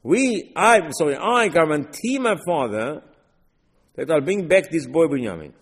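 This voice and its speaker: Animated man teaching Torah, echoing hall. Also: fairly high pitch, a little slow, husky. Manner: animated, rhetorical questions, quotes verses in Hebrew. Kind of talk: Torah class in English.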